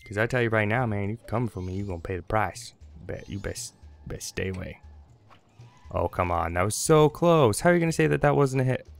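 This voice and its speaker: A man's voice: lowish voice, lively intonation, fairly quick, creaky, faint music behind. A young man hosting a let's play, rambling and joking as he talks to the game and his viewers. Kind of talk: casual gameplay commentary.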